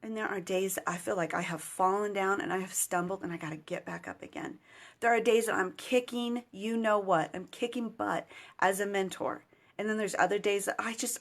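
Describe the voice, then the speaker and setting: Mom vlogger lady, earnest and encouraging, talks right to the camera, mid-pitched voice. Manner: earnest and encouraging, speaks straight to the viewer. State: choked up with emotion at times. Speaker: certified mentor speaking to moms. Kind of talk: motivational vlog talk to camera.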